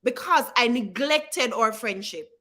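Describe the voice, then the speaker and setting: A woman's voice: on the high side, animated, a little slow, pushed and bright. A woman hosting a live stream, talking directly and encouragingly to her viewers and calling on them by name. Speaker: livestream host. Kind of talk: live-stream advice talk.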